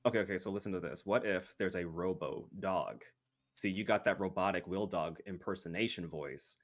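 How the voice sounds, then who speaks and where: A man's voice: low-pitched, fairly quick. A man, a guest YouTuber, chatting in an easygoing, playful way and going along with the jokes in an improvised comedy bit.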